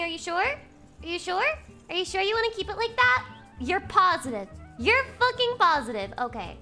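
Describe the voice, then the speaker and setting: Woman streamer, high and bright, loud, swearing, excitable, strained cracking voice, faint music underneath. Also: moderate pace. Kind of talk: casual chat with a live audience.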